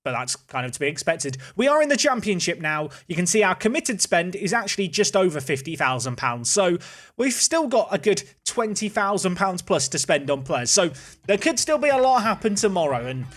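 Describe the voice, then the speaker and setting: A man's voice: high-pitched, big pitch swings, moderate pace, fairly bright tone. A man hosting casual gameplay commentary, chatty and thinking aloud as he plays. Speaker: host.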